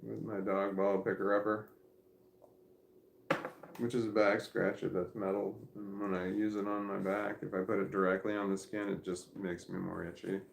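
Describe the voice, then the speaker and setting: Rambling low-voiced man with a gravelly edge. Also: flat delivery, normal speed, roomy sound, a little hiss or hum. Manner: meandering, stammering, talks to his dog, reads chat aloud. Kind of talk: rambling casual livestream chat. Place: at home indoors.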